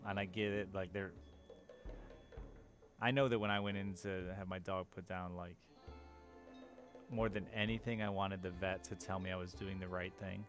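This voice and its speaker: This live streamer has a low-pitched, fairly bright voice. He talks casually and candidly with his viewers, opening up about his feelings and swearing now and then.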